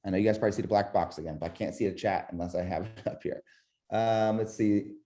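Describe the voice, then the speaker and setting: A man's voice: fairly low pitch, fast talker. A man coaching a webinar on sales calls, modeling tone of voice and quizzing his audience. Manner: lively, demonstrates vocal tonality, asks audience questions. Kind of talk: webinar instruction with demo calls.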